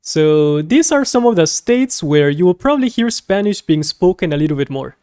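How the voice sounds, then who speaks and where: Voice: mid-range voice, very animated, moderate pace, warm tone, clean tone, no room sound, clean studio sound. A Spanish teacher giving a beginner lesson, saying each word several times for learners and explaining in plain terms. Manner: explains in plain terms with small personal asides.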